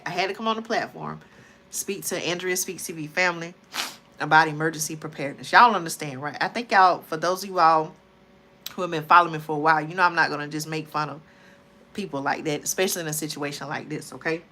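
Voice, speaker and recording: A woman's voice: low-pitched, fast talker, sharp tone, a little hiss or hum. A woman hosting a late-night livestream, tired and chatty, often talking to viewers as y'all. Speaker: livestream host. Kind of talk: casual livestream talk.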